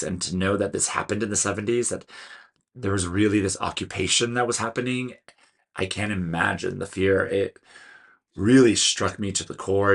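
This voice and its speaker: A man's voice: sits low, vocal fry, husky. A man with a Californian American accent, giving a chatty, earnest solo film review and stumbling now and then over names. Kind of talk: casual solo video review.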